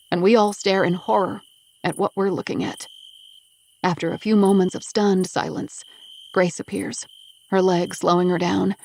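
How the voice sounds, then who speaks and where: A woman's voice: fairly low pitch, a little mellow. A woman narrating a first-person audiobook with an intense, emotional delivery.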